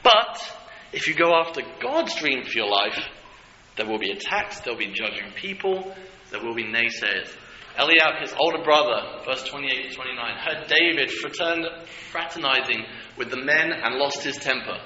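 A man preaching a sermon, animated and humorous, with asides to the congregation. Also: medium pitch, normal speed. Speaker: pastor. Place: church hall. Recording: echoey hall with dull lo-fi sound and clear noise.

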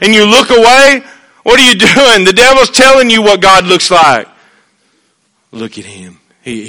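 A man preaching a sermon in a folksy way, dropping to hushed asides and rising to loud, emphatic points. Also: sits high.

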